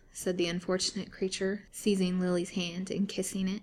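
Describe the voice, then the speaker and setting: A woman narrating a serialized story with steady, dramatic reading. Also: on the low side, normal speed, hardly any pauses.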